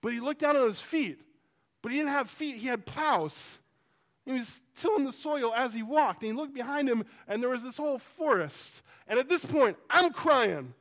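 A man, a pastor, telling a story in a sermon, animated and rising toward near shouting at its emotional peaks. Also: very high-pitched, moderate pace.

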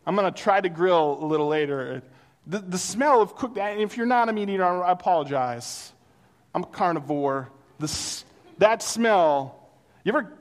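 A man preaching a sermon in a conversational way, telling personal stories and acting out the people in them. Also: high voice. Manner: conversational, animated storytelling with acted-out quotes. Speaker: pastor. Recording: long reverb of a hall.

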